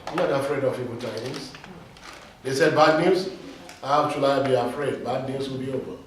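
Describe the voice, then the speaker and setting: A man's voice: medium pitch, fairly even intonation, moderate pace, slight background noise. A male pastor preaching a sermon, emphatic and leading his congregation in call-and-response. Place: church. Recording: echoey hall, mic from far off.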